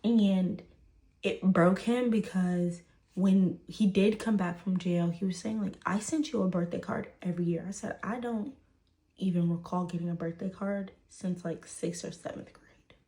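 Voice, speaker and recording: A woman's voice: fairly low pitch, fairly even intonation, a little slow, mellow. A woman, casually telling a personal story full of fillers and "right?". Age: 20s.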